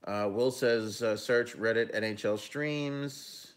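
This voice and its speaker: Speaking slowly in a mid-range voice, a man runs a live hockey talk stream where he casually gives his picks and reads out viewer comments. He's a hockey show host and analyst whose chatty delivery is full of ums and corrections of himself.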